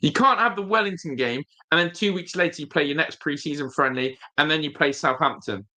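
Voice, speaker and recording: A man's voice: a little high, a little fast, sharp tone, slight background noise. A man hosting a casual football fan stream, talking straight to viewers, emphatic and often repeating his phrases. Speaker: football fan channel host.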